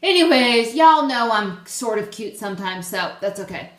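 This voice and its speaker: A young woman hosting her own vlog, chatting excitedly and poking fun at herself. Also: on the high side, moderate pace. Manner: excitable, chatty, self-deprecating. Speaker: host. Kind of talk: casual vlog chat. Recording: roomy echo, faint background noise.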